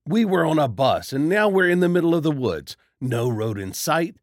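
A man voicing an angry, foul-mouthed older man who yells and swears in a storybook reading. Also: on the high side, big pitch swings, normal speed, dry recording, clean studio sound, pitched above the performer's own voice. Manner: yelling, swearing, demanding.

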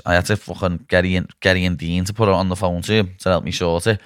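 A man and fighter telling stories in a casual podcast chat, animated and swearing often. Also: low-pitched, quick pace, few pauses, smooth, dry recording, studio quality. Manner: animated storytelling, swears often, says "lad" constantly.

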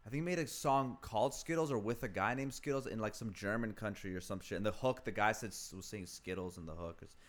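A man's voice: lowish voice, quick pace, hardly any pauses. A young man co-hosting a casual podcast, rambling with fillers and swearing. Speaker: podcast co-host. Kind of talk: casual crude chat.

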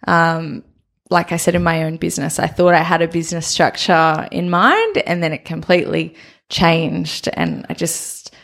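A woman guest in a relaxed podcast chat, with a low voice and plenty of gravelly fry. She runs her own business and talks about it thoughtfully. She is agreeable and affirming toward her host. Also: normal speed. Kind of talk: casual conversation.

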